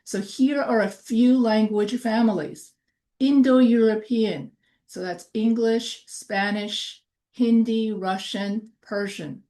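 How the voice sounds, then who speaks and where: A middle-aged woman giving a recorded lecture, talking in a halting way with frequent fillers and restarts. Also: fairly high pitch, fairly even intonation, dark tone.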